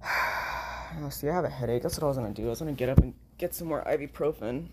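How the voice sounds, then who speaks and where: A woman's voice: rumbling low, quick pace, noisy background. A tired, sleep-deprived woman with a nasal voice, talking in a rambling casual vlog, full of "like" and "you know" and freely swearing. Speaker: vlogger.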